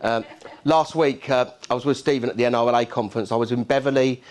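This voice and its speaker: Punchy middle-aged Cockney keynote speaker. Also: male voice, mid-range voice, fairly even intonation, fast. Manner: punchy, rhetorical, keeps checking in with the crowd. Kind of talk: lively conference speech. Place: conference hall.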